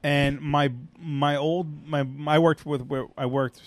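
Rambling man with a slightly high voice. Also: flat delivery, slow pace, a little hiss or hum. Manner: rambling, self-interrupting storyteller with many restarts and fillers. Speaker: podcast co-host. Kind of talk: casual chat.

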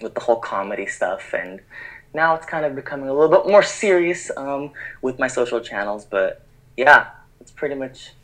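A man's voice: mid-range voice, lively intonation, moderate pace, a bit bright, rough recording. A young man in his twenties from Texas with a Texan accent, chatting casually as a podcast guest, laid-back and laughing often. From Texas, USA.

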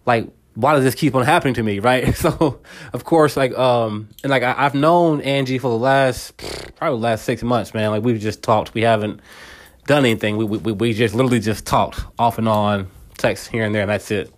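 A man's voice: mid-range voice, fairly even intonation. A man hosting a podcast, talking in a casual personal monologue, often stumbling and repeating words. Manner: halting, repeats words, casual slang like "bro". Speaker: podcast host.

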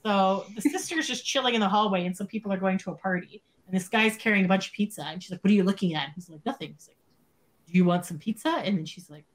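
A woman co-hosting a casual chat, retelling a TV episode with lively acted-out lines and some swearing. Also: medium pitch, quick pace. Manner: animated retelling, acting out characters' lines, swearing. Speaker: podcast co-host.

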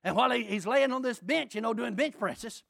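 A preacher tells a story in his sermon with gusto, often breaking into shouts. His voice is gravelly and forceful, with a husky edge. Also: extremely high pitch, a little fast. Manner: animated, often shouting and laughing while telling a story.

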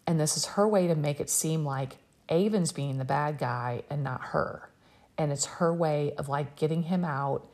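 Woman recap commentator, husky creaky voice, animated, exasperated. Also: deep voice, moderate pace. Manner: animated, exasperated, quotes people in raised voice. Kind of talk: casual recap chat.

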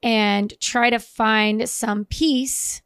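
Woman co-host, casual chat, higher voice, earnest and hesitant, dry sound. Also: fairly even intonation, drawn-out words, fairly bright tone, smooth, no echo. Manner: earnest, reflective, with hesitant fillers. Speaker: podcast co-host.

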